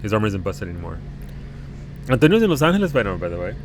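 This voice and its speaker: A man's voice: on the low side, very animated, racing, soft background music. A man chatting casually on a live game stream at home, rambling, swearing freely and laughing often.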